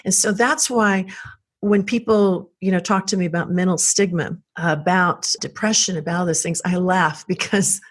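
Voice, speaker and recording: A woman from South Texas speaks as an interview guest, earnest and reflective as she recounts her own life. Her voice sits a little low for a woman, and her telling is emotional and unhurried. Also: fairly even intonation. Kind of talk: personal storytelling.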